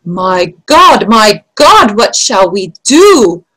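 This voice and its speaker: Brief: a woman reading as a jittery, cowardly lord, hushed and bleating. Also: medium pitch, lively intonation, slow, gravelly, full character voice. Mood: fearful. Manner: nervous, whispering and bleating. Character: cowardly blundering male lord, fearful.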